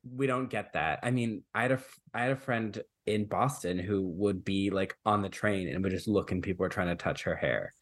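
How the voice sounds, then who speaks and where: A man's voice: low-pitched, normal speed, few pauses. A man from Detroit talking in a rambling, chatty way, full of fillers, as co-host of a casual podcast. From Detroit, USA. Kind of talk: casual chat.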